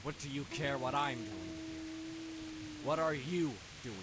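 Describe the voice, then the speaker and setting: Voice a surly, hostile gravedigger, played by a man, in game dialogue with lively pitch swings and threats. The audio carries a steady hiss under every line. His manner stays blunt and unfriendly. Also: unhurried, natural voice.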